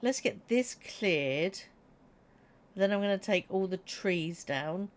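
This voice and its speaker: A middle-aged woman streams a game, chatting casually and giggling as she reads chat. Her medium-pitched voice is animated but slow-paced, with a slightly froggy throat.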